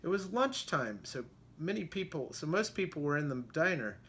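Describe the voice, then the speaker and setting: A man reading a children's picture book aloud in an expressive way, pausing to ask his listeners questions. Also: a little high, slight background noise. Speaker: storybook reader. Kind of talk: children's storybook read-aloud.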